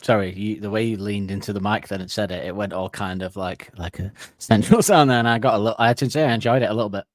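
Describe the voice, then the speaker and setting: A man's voice: fast, hardly any pauses, no room sound. Man, podcast co-host, crude jokes, giggly, close dry mic. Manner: crude, giggly, bursts into silly high voices. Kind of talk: casual comedic banter.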